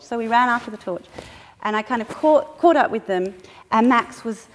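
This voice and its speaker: A middle-aged woman tells a story to a group of staff she is training. She slips into the voices of the people in it and laughs easily. Her voice sits a little high, and the hall around her rings with a long echo and faint background noise. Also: fairly quick, hardly any pauses. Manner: lively storyteller who acts out quotes and laughs often. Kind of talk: storytelling anecdote in a training talk.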